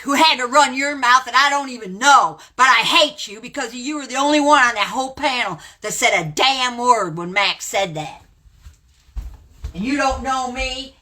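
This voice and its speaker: Older woman, 70s, blunt live-stream ranter; bright, forceful voice. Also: fairly high pitch. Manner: blunt, combative ranting and name-calling.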